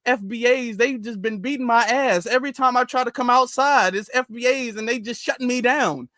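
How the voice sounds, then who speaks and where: A man's voice: very high-pitched, brisk, sharp tone, no room sound. A man doing a whining, beaten-down rapper. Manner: whiny, complaining. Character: grown man rapper, whining about losses.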